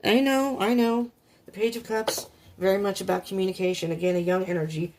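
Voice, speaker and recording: A woman's voice: medium pitch, steady tone, fairly quick, darkish tone, slight background noise. A woman giving a casual tarot reading for her viewers, rambling and emotional, often talking to herself as she turns over cards. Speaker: tarot reader.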